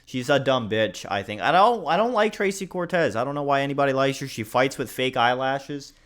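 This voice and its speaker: A man's voice: mid-range voice, animated, brisk, fairly bright tone. A man hosting a casual fight prediction video, rambling, blunt and joking at his own slips. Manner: rambling, blunt, swears, jokes at himself. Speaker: host giving fight predictions. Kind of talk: casual commentary.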